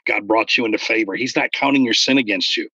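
Man, gravelly, husky edge, bright tone, earnest, casual faith talk, slightly dull dry audio. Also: on the low side, quick pace, no echo. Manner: earnest, explanatory, animated when retelling stories. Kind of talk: casual conversation about faith.

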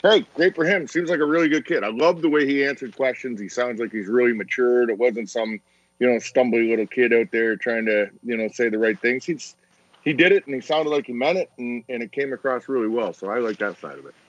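A man's voice: mid-range voice, brisk, dry recording. A man calling into a sports talk radio show from his home by phone, blunt and teasing. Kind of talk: casual sports radio chat. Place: upstairs room at home. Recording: muffled phone line.

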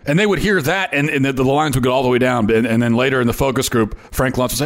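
A man's voice: mid-range voice, fast. A man hosting an opinion commentary show, talking emphatically and often repeating words for effect. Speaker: host.

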